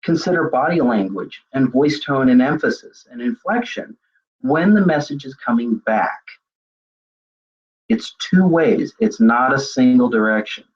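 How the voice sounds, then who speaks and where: A man's voice: medium pitch, husky. A man presenting a recorded web seminar on leadership, explaining ideas as he thinks them through. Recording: dull lo-fi web seminar audio.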